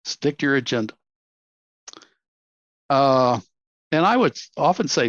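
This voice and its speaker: An older man in his seventies with a Texan accent recounts his story with lively energy, slipping into the voices of the people he quotes. His recording sounds dull and dry, with no room around him. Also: mid-range voice, normal speed, pauses often, no room sound. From Texas, USA. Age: 70s. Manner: animated, acts out quotes, laughs often. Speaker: interview guest. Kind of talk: reflective storytelling.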